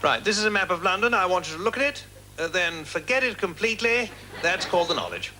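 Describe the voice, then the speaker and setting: A man acting a brisk, bossy teacher and sergeant in a comedy sketch. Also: sits high, lively intonation, very noisy.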